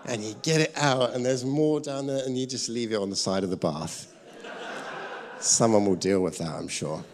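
A man preaching a sermon, telling a personal story, lively when acting out scenes and soft when quoting. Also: medium pitch, a little fast. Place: church hall. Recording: long reverb of a church hall.

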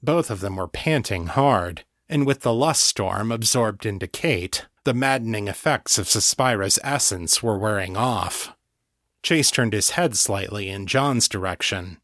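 A man reading a story aloud in a steady, measured scripted narration. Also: fairly low pitch, dry recording, studio quality. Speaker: audiobook narrator.

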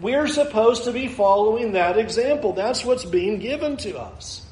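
A man's voice: high-pitched, lively intonation, moderate pace, a little mellow, reverberant, poor audio. A male pastor preaching a sermon, earnest and building to emphatic challenges.

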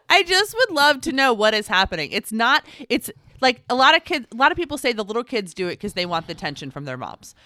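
A woman in her thirties chats casually on a podcast about raising her kids. Her pitch swings widely as she tells exasperated stories. The recording is dry and close to the mic. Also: brisk, no echo. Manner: animated, exasperated storytelling. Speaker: podcast co-host. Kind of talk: casual chat.

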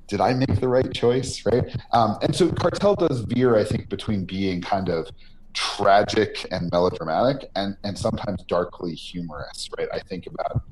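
Deep-voiced man on a noisy line. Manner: earnest, tags points with "right?". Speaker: game designer, guest. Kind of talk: podcast interview.

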